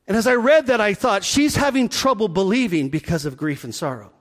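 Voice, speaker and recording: High-voiced man preaching in a reverberant hall. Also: brisk. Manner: animated storytelling, drops to a hush for emphasis. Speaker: pastor. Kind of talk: sermon.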